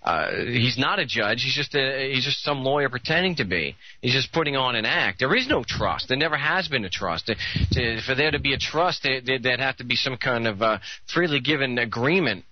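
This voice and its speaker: A man with a middle-pitched voice hosts a call-in show, speaking bluntly and repeating words as he gets going. The sound is dry and a bit dull. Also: animated, brisk, hardly any pauses, no echo. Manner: blunt, repeats words when starting a thought. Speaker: radio show host. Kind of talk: call-in radio talk.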